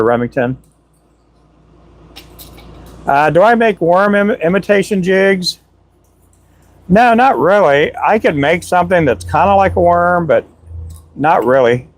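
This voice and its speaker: On his own live stream, a chatty man with a touch-high voice talks expressively and unhurriedly into a Donner desk microphone, leaving long pauses. He calls himself a chatterbox, jokes and gives cheerful shout-outs, and his voice sounds worn from talking for hours.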